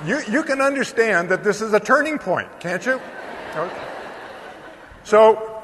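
An older man with a slightly high voice tells a story from the stage of a big conference hall. His words ring on in a long reverb as he carries the room through the tale, dotted with ums and uhs. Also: unhurried, a little hiss or hum. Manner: lively anecdotal telling with frequent fillers. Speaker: keynote speaker. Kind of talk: storytelling keynote speech.

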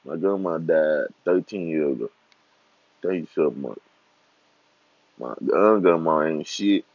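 Slow trash-talking young man, lo-fi. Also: extremely low pitch, dry recording. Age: 20s. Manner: trash-talking, laughing, swearing freely. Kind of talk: casual profane rant. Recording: dull lo-fi recording.

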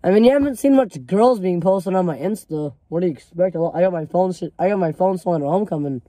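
Teenage male storyteller, mellow voice, dead-dry recording, loose filler-heavy delivery. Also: sits high, fast, dry recording. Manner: rambling, filler-heavy, swears freely. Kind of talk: casual storytime vlog.

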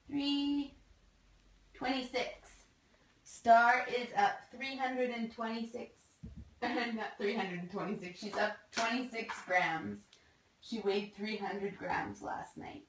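A woman chatting casually on a home livestream while fostering kittens, cooing at them in soft baby talk. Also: on the high side, steady tone, slow, rough recording.

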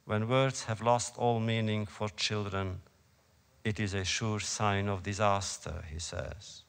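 A man, an author, reading his own prose aloud to an audience in a slow, measured, solemn way. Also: on the low side, steady tone, creaky, fairly bright tone, clean tone, big-room sound.

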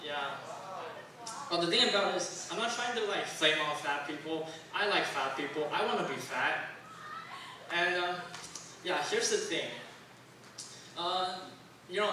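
Filler-heavy and self-mocking, a young Taiwanese comic rambles through his stand-up set at a club. His voice sits on the high side with a sharp edge, and the recording is very echoey from a distant mic, with slight background noise.

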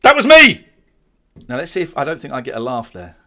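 A man's voice: mid-range voice, animated, very fast. A man, rambling and restarting as he gives casual commentary on his old show. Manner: rambling, many restarts and stammers. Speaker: host watching back his old show.

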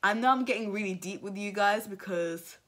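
A woman's voice: medium pitch, brisk, fairly bright tone. A woman in her twenties, a vlogger and entrepreneur, talking to the camera in a heartfelt, reflective way and repeating phrases for emphasis. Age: 20s. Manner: emotional, close to tears at times. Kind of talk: reflective birthday vlog talk. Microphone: camera mic, talking to camera.

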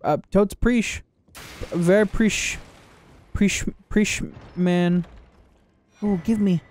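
A man giving casual gameplay commentary, joking, swearing and reacting loudly to the game. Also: high voice, fairly even intonation, very slow. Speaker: gaming video creator.

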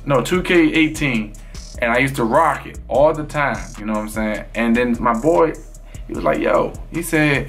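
Rambling streamer man, quiet music behind. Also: medium pitch, moderate pace. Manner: loose, rambling, full of fillers. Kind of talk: casual chat to viewers.

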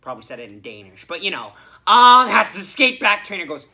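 Bright-voiced young man ranting about hockey. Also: sits high, big pitch swings, brisk. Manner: rambling, profane, swings from mumbling to shouting. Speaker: podcast co-host. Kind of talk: excited game recap chat.

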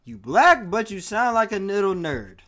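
Male streamer, high-pitched, very animated, slangy and profane, chatting casually with viewers. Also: normal speed, slight background noise. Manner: loose, slangy and swearing, questions chat often. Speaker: streamer reacting to a video.

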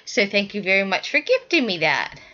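A woman's voice: medium pitch, sing-song, moderate pace, sharp tone, muffled recording. A woman hosting a knitting podcast, chatting casually and rambling as she shows her work to the camera, often correcting herself mid-sentence.

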